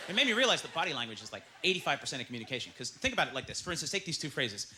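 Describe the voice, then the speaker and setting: A man doing a stand-up comedy set on a club stage, animated and jumping into shouted character voices. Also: on the high side, very fast, hardly any pauses, background noise. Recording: loud audience laughter behind.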